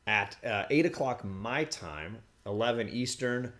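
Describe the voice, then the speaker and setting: A man's voice: medium pitch, lively intonation, unhurried, fairly bright tone. An English man hosting a casual comic book review stream, chatty and given to joking and teasing. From England. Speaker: host of a comics review livestream. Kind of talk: casual chat.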